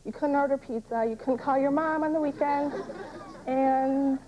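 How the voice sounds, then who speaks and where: A woman's voice: high voice, fairly even intonation, normal speed, some chatter behind. A woman contestant on a televised dating game, answering questions in a chatty, giggly way. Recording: dull lo-fi old TV tape, faint hiss.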